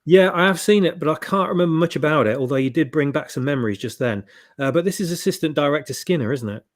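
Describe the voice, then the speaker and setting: Easygoing man, slightly high voice. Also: fast talker. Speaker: panel guest. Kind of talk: casual live-stream chat.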